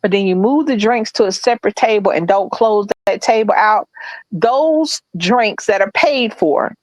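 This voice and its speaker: A woman co-hosting a podcast, telling a story in a blunt, profane, animated casual chat. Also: medium pitch, a little slow, dry recording, low-quality recording. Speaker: podcast co-host.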